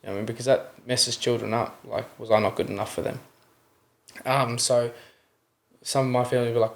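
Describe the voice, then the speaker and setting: A young Australian man with a gravelly, creaky voice tells his story as a podcast guest, earnest and candid. His pitch stays fairly flat as he acts out the voices in his retellings and keeps checking in with "you know what I mean.". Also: quick pace.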